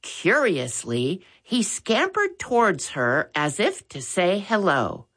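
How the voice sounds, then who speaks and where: A woman reading a children's chapter book aloud in a slow, expressive way. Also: medium pitch. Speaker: storyteller.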